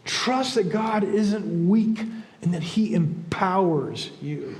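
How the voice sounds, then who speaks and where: A man's voice: high-pitched, measured pace, darkish tone. Earnest older male preacher in a reverberant hall. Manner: earnest, conversational preaching with repeated restarts. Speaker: pastor. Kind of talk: sermon.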